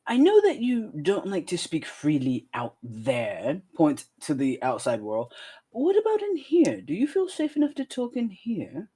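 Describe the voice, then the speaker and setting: A woman's voice: lowish voice, huge pitch swings, unhurried, warm tone, slightly rough. A woman playing a tabletop game, asking questions in character and laughing easily. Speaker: player. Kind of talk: tabletop role-play, casual.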